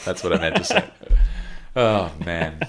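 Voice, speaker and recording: A man's voice: deep voice, very animated, a little slow, background noise. A man co-hosting a casual podcast, reading out famous quotes with lifted emphasis and laughing often between them. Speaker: podcast co-host.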